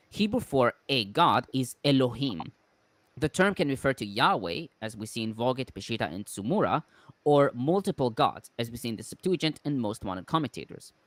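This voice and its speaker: Man, commentary reader, scholarly, animated intonation, dry recording. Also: mid-range voice, no echo. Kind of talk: reading a commentary aloud.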